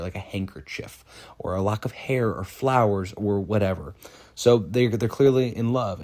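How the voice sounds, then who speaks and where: Lively low-voiced man teaching Shakespeare. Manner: lively, talks to the listener as a friend, reads verse aloud slowly. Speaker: teacher and actor explaining Shakespeare. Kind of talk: casual explanatory lesson.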